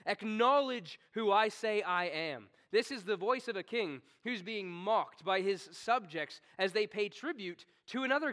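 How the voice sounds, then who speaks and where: High-voiced man preaching a dynamic sermon. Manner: dynamic preaching, dropping to hushed tones then rising to stern commands. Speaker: pastor.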